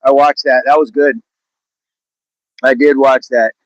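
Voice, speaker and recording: A man's voice: medium pitch, flat delivery, a little slow, lo-fi sound. A man from Oklahoma chatting casually on a livestream, reading viewer comments, laughing and talking about music and movies. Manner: chatty, laughs often, slips into put-on accents. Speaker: livestream host.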